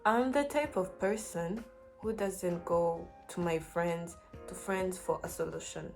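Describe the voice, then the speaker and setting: A woman's voice: lowish voice, measured pace, gravelly, soft background music. A young woman giving casual, earnest advice to camera, encouraging and full of "like" and "you know". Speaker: vlogger.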